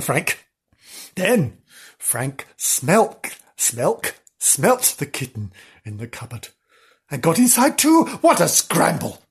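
A woman's voice: deep voice, a little mellow, slightly rough. A woman reading a children's story aloud with playful, chatty asides.

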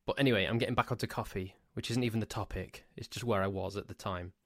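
A man's voice: fairly low pitch, steady tone, quick pace, no room sound, clean studio sound. A man from Cheshire with an English accent, hosting a solo podcast in a rambling, pedantic chatty way. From Cheshire, England. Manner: rambling, pedantic, ranting asides. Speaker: podcast host. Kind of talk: casual solo podcast monologue.

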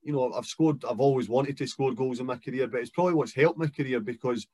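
A man's voice: medium pitch, fast, warm tone, breathy edge, dry recording. A Scottish man in his thirties, a guest footballer talking in a casual chat, reflective and careful with many fillers. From Scotland.

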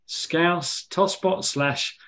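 A man's voice: a little high, extremely slow, bright, forceful tone. A man co-hosting a podcast, quizzing his friend in casual banter and laughing often as he thinks aloud. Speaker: podcast co-host. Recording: podcast recorded at home.

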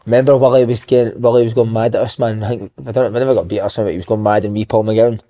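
A man's voice: on the low side, fairly even intonation, racing, mellow. A Scottish man, a podcast co-host, telling laddish, sweary stories and calling everyone mate. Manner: laddish, swears a lot, calls people mate. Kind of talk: casual chat.

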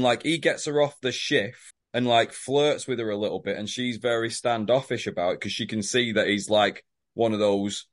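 Teasing man on a podcast. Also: mid-range voice. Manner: teasing, correcting his co-host, sweary. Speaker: podcast co-host. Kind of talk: casual chat.

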